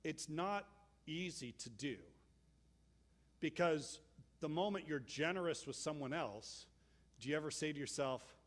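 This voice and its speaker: A man pastor giving a sermon in a conversational, animated storytelling way. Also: fairly high pitch, measured pace, long pauses.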